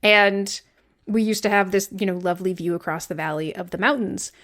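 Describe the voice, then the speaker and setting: This podcast co-host, a thirty-something from Vermont, talks fairly quickly in a medium-pitched, slightly bright voice. Her chat is casual and rambling, profane and heavy on emphasis.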